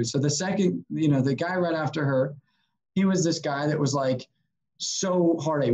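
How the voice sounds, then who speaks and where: A man, a sales consultant guest, telling stories in a casual, energetic way and acting out the people he quotes. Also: a little high, moderate pace, dull audio. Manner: energetic, animated, acts out quotes. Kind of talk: casual storytelling.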